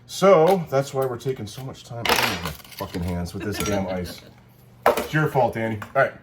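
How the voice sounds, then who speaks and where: Heavy background noise surrounds a man with a mid-range voice and lively intonation, speaking at a moderate pace. He co-hosts a cocktail video, making a drink at home in a loose, rambling chat full of jokes and self-corrections.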